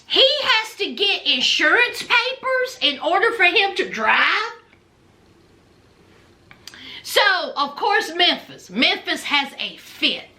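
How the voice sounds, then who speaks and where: A woman's voice: very high-pitched, sing-song, measured pace, few pauses, bright, forceful tone. A woman giving a sassy, chatty, casual commentary recap, often laughing at her own jokes. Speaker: reality show recapper.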